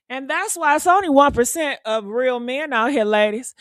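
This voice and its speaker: A woman hosting a reaction commentary, blunt and sassy, preaching and swearing freely. Her voice sits a little high. The sound is dry and close, with no room in it. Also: moderate pace, hardly any pauses, a bit bright, no echo. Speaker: commentary host.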